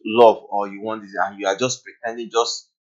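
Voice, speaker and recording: A man's voice: fairly low pitch, little pitch movement, normal speed, a little mellow. A man on a podcast panel, speaking earnestly and emphatically. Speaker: podcast guest. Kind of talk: casual panel discussion. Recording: lo-fi dull audio.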